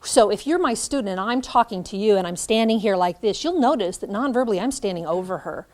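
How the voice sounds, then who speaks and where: Middle-aged woman, teacher educator, lively classroom lecture, acts out examples. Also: mid-range voice, fast talker. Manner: animated, demonstrates by acting out lines.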